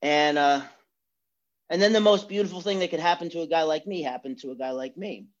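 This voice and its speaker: A man's voice: on the high side, fairly quick. A man speaking candidly and with self-mockery as he tells his own recovery story at a meeting. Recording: dull lo-fi recording.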